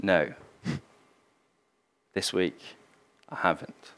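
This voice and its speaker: A man voicing a timid male Christian factory worker who answers in hesitant, halting replies. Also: mid-range voice, lively intonation, fairly bright tone, natural voice.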